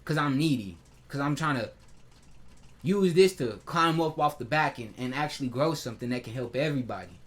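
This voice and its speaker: A man's voice: mid-range voice, lively intonation, fairly quick, a bit bright. A man venting in a personal vlog, heated and hurt, swearing freely and restarting his sentences often. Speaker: vlogger. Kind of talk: emotional personal vlog rant.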